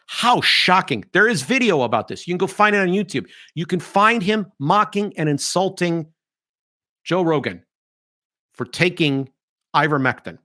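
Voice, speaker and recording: A middle-aged male podcast host with a fairly high voice that swings widely in pitch. He argues in an animated, mocking way. He often slips into sing-song impressions of the people he criticizes. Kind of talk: opinionated podcast commentary.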